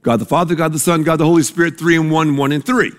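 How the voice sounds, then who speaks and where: A man's voice: on the high side, fairly even intonation, fast, in a large hall. A man preaching a sermon as pastor, emphatic, stressing key words and having the congregation repeat them.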